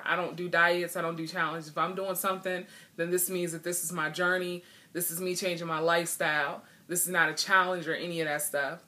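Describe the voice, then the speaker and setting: A woman's voice: on the low side, pushed and bright. A woman vlogging in earnest, frank talk, a bit emotional and frustrated as she speaks. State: a little emotional. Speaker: video blogger. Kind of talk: heartfelt vlog talk.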